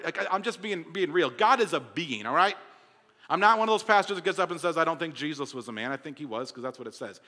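A young man preaching a sermon to his congregation, talking casually and conversationally, swinging from loud emphasis to hushed storytelling. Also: high voice. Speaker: pastor. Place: large church hall. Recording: long hall reverb.

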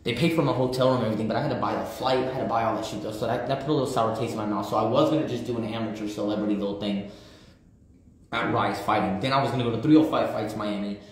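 A man in his thirties chats casually on a livestream, blunt and profane, using street slang and plenty of repetition. His voice is lowish and steady, delivered rapid-fire in a very echoey room.

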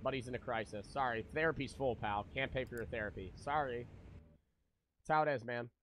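A man's voice: mid-range voice, a little fast, fairly bright tone, a little hiss or hum. A young man streaming, chatting loosely with his viewers, joking and swearing freely. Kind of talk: casual live-stream chat with viewers.

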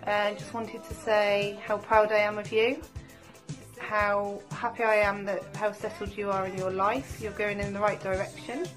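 A woman recording an emotional birthday video message on a phone, quiet and close to tears. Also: mid-range voice, little pitch movement, moderate pace, over music. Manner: warm, emotional, quietly tearful.

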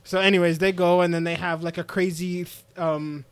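A man co-hosting a casual podcast, retelling an anime episode with lively, acted-out dialogue. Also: sits high, moderate pace, crowd noise. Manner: animated storytelling, acting out characters' lines. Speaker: podcast co-host.

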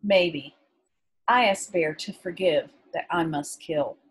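A woman reading aloud voices a solemn teenage boy hunter who speaks in slow, clipped broken English. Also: lowish voice, breathy edge.

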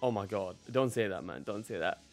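A man's voice: fairly low pitch, lively intonation, brisk, no room sound, soft background music. A young man live-streaming a game, casually greeting his chat by name and laughing often.

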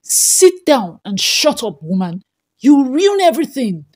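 A woman voicing a young husband who is angry and desperate, snapping and forceful. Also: high voice, big pitch swings, measured pace, pitched above the performer's own voice, full character voice. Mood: furious.

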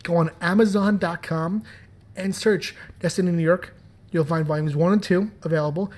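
A man's voice: high voice, fairly even intonation, moderate pace, a little mellow. A man hosting a podcast and talking about his comics in a playful, joking, chatty way. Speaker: podcast host and comics writer. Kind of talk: casual podcast commentary.

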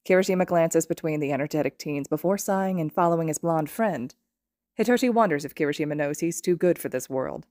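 Woman narrator, lowish voice, dry close sound, steady expressive fan-fiction reading. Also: no echo. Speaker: podfic reader.

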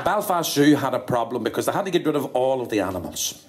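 Lively Northern Irish comedian. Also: male voice, medium pitch, fast talker, very noisy. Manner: lively storytelling, acts out dialogue. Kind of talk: stand-up joke telling.

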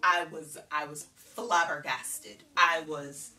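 A woman's voice: fairly low pitch, measured pace. A woman from Jamaica telling a childhood story in a casual vlog, acting out the dialogue and laughing as she goes. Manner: animated, laughing, acts out dialogue. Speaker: vlogger. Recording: distant mic with faint music behind.

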